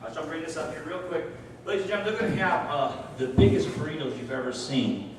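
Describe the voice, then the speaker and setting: A man's voice: fairly high pitch, expressive, fast. Bumbling ventriloquist man on stage. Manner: bumbling, apologetic, corrects himself. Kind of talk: stage comedy patter. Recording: distant echoey live stage with noise.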